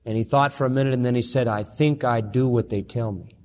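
A male pastor preaching a sermon with fervor, his voice climbing high as he reads scripture aloud. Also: fairly quick, a little mellow. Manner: impassioned preaching, pitch swinging high on scripture readings.

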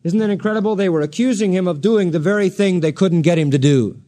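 High-voiced preacher with dramatic sweeps. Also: male voice, fast, warm tone. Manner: dramatic, acts out quoted voices with sweeping pitch. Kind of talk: expository sermon.

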